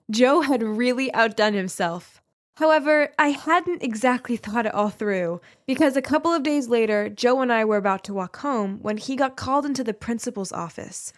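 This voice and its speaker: A young woman reading a scripted first-person story aloud, giving the quoted people only small shifts of her own voice. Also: fairly high pitch. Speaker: story narrator.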